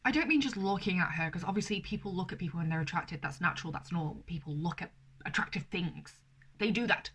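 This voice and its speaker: A woman's voice: lowish voice, quick pace, fairly bright tone, slightly rough. Blunt, emphatic young British woman. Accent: British English. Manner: blunt, emphatic, swears freely. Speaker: vlogger. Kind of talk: opinion vlog to camera.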